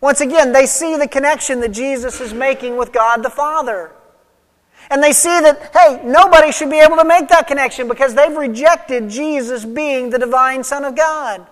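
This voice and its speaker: A preacher giving an expository sermon, stressing points loudly and then dropping quiet. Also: high-pitched, moderate pace. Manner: emphatic teaching, swinging between loud stresses and quiet drops. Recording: long reverb of a large hall.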